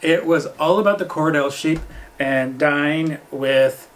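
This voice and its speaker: A man's voice: fairly high pitch, takes it slowly. Easygoing man chatting about yarn dyeing. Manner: easygoing, laughs mid-sentence. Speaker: podcast co-host, yarn dyer. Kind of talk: casual chat.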